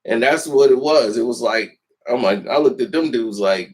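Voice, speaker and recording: A man telling a personal story in a casual vlog, animated and acting out the people in it. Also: mid-range voice, normal speed.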